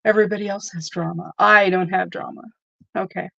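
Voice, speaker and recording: A woman's voice: medium pitch, steady tone, a little fast, vocal fry, pushed and bright, dry recording, dull audio. A woman hosting a tarot live stream, talking in a chatty, rambling way with lots of asides. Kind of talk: casual live-stream chat.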